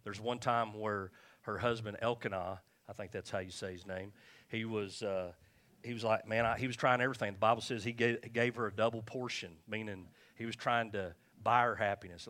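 A man's voice: lowish voice, steady tone, brisk, fairly bright tone. A man preaching a conversational sermon, repeating himself and checking in with his listeners. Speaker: pastor.

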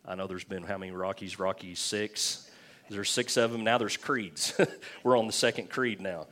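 Low-voiced pastor preaching casually. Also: male voice, fairly even intonation, normal speed, bright, forceful tone. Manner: conversational and joking, with frequent restarts. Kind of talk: sermon.

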